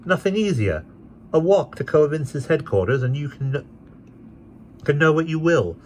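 Man playing an airy carefree gentleman, high and lilting, breezy, audiobook. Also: big pitch swings, normal speed, slight background noise.

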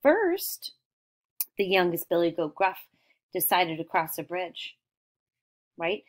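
A woman's voice: lowish voice, very animated. A woman teacher guiding young children through retelling a story, asking questions and praising their answers. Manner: slow, encouraging questions.

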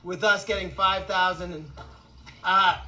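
A man running an animal sanctuary, chatting excitedly and rambling with lots of laughter in a casual fundraising video outdoors. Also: high-pitched, measured pace, poor audio. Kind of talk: casual fundraising vlog chat.

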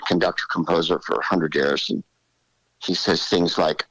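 Low-voiced man telling stories, very dry sound. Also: moderate pace, no room sound, low-quality recording. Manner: animated, drops into character voices. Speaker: guest comedian. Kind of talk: storytelling interview.

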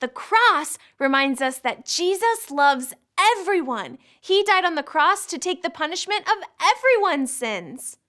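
A woman hosts a children's church lesson in a playful, animated manner. Her voice is high and bright and swings widely, and she paces her words slowly for young children. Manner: animated, playful, with gasps and silly exclamations. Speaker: children's ministry host.

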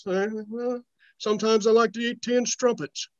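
A man voicing a prim, posh young British gentleman in a put-on British accent, with exaggerated, fussy enunciation. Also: high voice, level tone, measured pace, dry recording, muffled recording, pitched above the performer's own voice.

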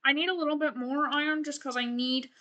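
Young female streamer, bright higher voice, rambling playful game chatter. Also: steady tone, brisk. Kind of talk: casual gameplay commentary.

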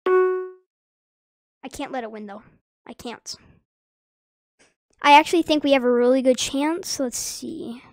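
A woman casually commenting as she plays a video game, hesitant with frequent ums and bursts of excited squealing. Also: sits high, vocal fry, no room sound. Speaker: gamer.

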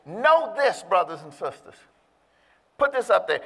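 A man preaching a sermon with emphasis, calling out to the congregation and slowing down to stress key words. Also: sits high, big pitch swings, creaky, fairly bright tone, slightly rough. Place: church. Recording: long hall reverb.

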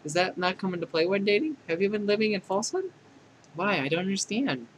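A man's voice: fast talker, a little hiss or hum, low-quality recording. A man voicing a condescending, clingy female AI program in a fan dub of a dating game, with mocking, clinical put-downs. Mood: smug. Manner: deadpan scolding that tips into shrill outbursts.

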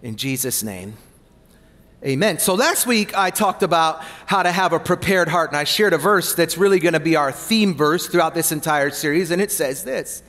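High-voiced pastor in an echoing hall. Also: male voice, normal speed, hardly any pauses. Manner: playful, animated storytelling with asides to the congregation. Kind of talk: sermon. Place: church hall.

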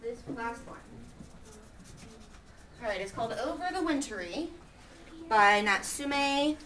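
A woman teaching a classroom lesson, reading lines slowly and counting out syllables with her pupils. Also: a little high, lively intonation, pushed and bright.

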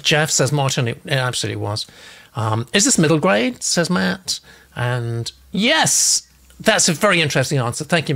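A man's voice: mid-range voice, creaky, fairly bright tone. A man hosting a live publishing show, chattily reading out viewer comments and adding his own asides. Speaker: host, literary agent.

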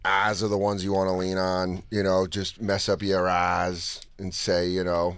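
A man's voice: sits low, completely flat delivery, measured pace, a bit bright, no room sound. A man hosting a comedy podcast, laughing and coaching his cohosts through voice impressions. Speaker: podcast host. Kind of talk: casual comedy podcast chat.

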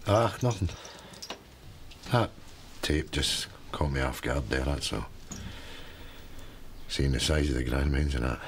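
A deep-voiced Scottish pensioner. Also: male voice, expressive, measured pace, long pauses, slight background noise, heavily acted. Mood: wistful. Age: older. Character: older male pensioner, wistful and gruff. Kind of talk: sitcom acting.

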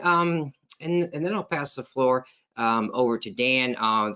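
A man's voice: mid-range voice, fairly bright tone. Chatty man hosting a webinar. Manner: chatty, self-deprecating, filler-heavy. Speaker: webinar host. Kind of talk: webinar presentation. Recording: lo-fi online call audio.

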